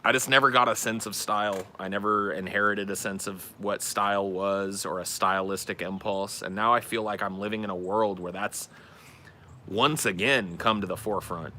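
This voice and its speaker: Low, forceful candid podcast man. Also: fairly even intonation, normal speed, slight background noise. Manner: candid, self-deprecating, rambling. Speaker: podcast host. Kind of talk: casual chat.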